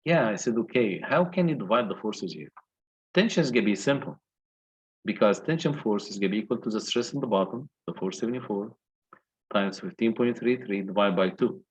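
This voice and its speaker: A man's voice: lowish voice, a little fast, husky, rough recording. A male engineering lecturer walking through calculations step by step and asking the class questions. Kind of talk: recorded lecture walkthrough.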